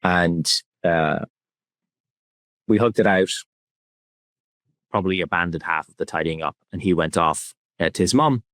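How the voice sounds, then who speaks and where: A man speaking as a podcast guest, talking in a soft, reflective and candid way in a relaxed conversation. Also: deep voice, measured pace, pauses often, no room sound.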